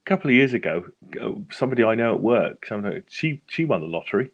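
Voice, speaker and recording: A man's voice: mid-range voice, sing-song, racing, highs cut off. A British man co-hosting a casual chat show who laughs a lot and tells anecdotes. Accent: British English. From England. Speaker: podcast co-host.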